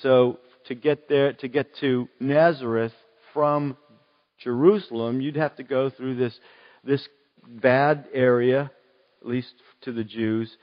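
A man's voice: medium pitch, steady tone. Western Pennsylvanian male pastor, chatty sermon delivery, lingering church echo. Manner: conversational preaching, slows on key words. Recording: dull, long church reverb.

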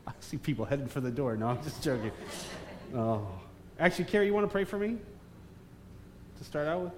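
Joking preacher in a big echoey hall. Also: male voice, fairly high pitch, brisk. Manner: joking, energetic, teasing the crowd. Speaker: guest pastor. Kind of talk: live church sermon with banter. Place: large church hall with congregation. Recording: distant reverberant hall, faint room noise.

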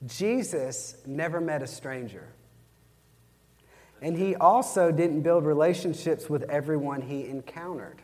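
A man's voice: on the high side, a little slow, darkish tone, big-room sound. A man teaching a church class on evangelism, telling Bible stories conversationally and acting out the quotes. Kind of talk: teaching a class from worksheet notes.

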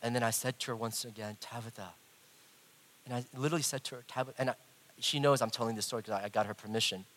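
A middle-aged man preaching a sermon, telling a personal story in an animated way and acting out the voices. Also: medium pitch, very fast. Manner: animated, acts out voices, big swings in loudness. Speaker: pastor.

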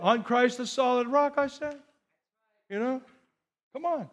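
A man's voice: extremely high pitch, unhurried, fairly bright tone, dull audio. A male pastor preaching a sermon in a conversational way, with joking asides and stumbling repeats.

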